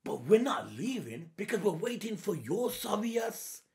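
Man, very high voice, gravelly, excitable slangy reaction commentary. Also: normal speed, a little hiss or hum. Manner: excitable, shouts out bursts of reaction, uses slang. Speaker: reaction video host. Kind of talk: live manga reaction and commentary.

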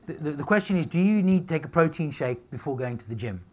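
A man's voice: fairly high pitch, expressive, fast talker, a little hiss or hum. Brash man lecturing an audience. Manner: brash, punchy, jokey, asks "all right?" and "okay?" often. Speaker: nutritionist giving a talk. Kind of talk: live seminar talk to an audience. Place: room with a live audience.

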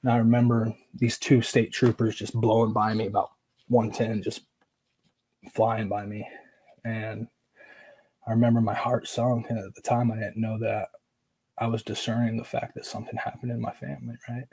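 Husky, flat-voiced man telling his story. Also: fairly low pitch, normal speed, low-quality recording. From Oregon, USA. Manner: casual, filler-heavy, acts out quoted dialogue; earnest and emotional. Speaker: podcast guest. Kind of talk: personal storytelling in conversation.

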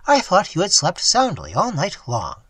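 A reader doing a polite, grave gentleman. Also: mid-range voice, wildly swooping pitch, moderate pace, slightly rough, no echo, heavily acted. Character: polite, composed young gentleman.

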